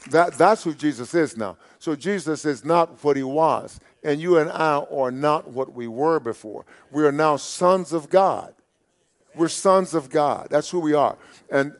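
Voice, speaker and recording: A man preaching a sermon, repeating key phrases emphatically, rising loud on scripture quotes and dropping soft at the ends of phrases. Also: a little high.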